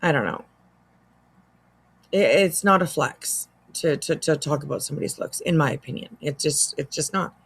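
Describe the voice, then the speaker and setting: A woman's voice: sits low, fairly quick, creaky, hardly any pauses, slightly rough. A middle-aged woman hosting a casual commentary show, rambling and hedging with lots of fillers while fighting the hiccups. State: has the hiccups. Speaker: commentary host.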